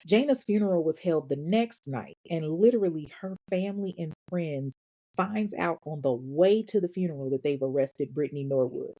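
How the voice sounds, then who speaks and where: A woman's voice: lowish voice, mellow. A woman podcast host telling a true-crime story in a casual, profane, sassy way, acting out the quotes.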